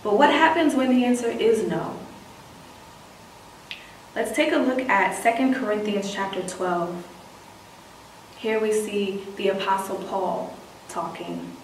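A woman preaching a sermon, reading scripture slowly and emphatically, then breaking into casual slang asides. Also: mid-range voice, slight background noise. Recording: echoey room, voice from a distance.

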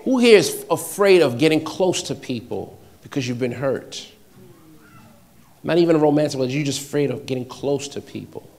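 A man preaching a sermon, repeating short phrases and swinging between loud exhortation and hushed, near-whispered passages. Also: on the high side, lively intonation, brisk.

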